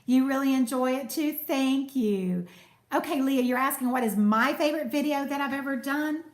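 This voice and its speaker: Chatty high-voiced woman live-streaming. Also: normal speed. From United States. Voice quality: soothing voice. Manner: chatty, warm thanks to viewers, reads comments aloud. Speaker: cooking channel host. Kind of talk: casual live-stream chat. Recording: echoey room.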